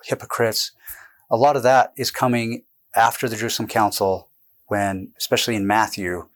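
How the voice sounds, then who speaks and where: Animated, digressive man explaining. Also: fairly low pitch. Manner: animated, digressive, quick bursts with restarts. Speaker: author and guest explaining his book. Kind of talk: casual explanatory interview. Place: indoors with a camera close by.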